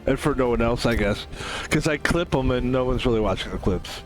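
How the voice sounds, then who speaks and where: With faint music behind him, a man with a medium-pitched voice talks fairly quickly while streaming a game. Addressing his audience casually in a solo monologue, he rambles, swears often and wanders off into jokey asides.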